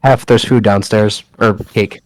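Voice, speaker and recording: A man's voice: fairly low pitch, fairly even intonation, unhurried. A man, a tabletop player, tossing out laid-back quips in casual chat on a video call. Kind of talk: casual chat during a game break.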